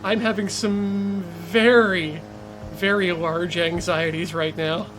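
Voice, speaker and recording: A man's voice: sits high, steady tone, takes it slowly. A man streaming a sim racing game, chatting casually, coaching himself and joking with viewers. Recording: game car engine noise underneath. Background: racing game engine and track sounds.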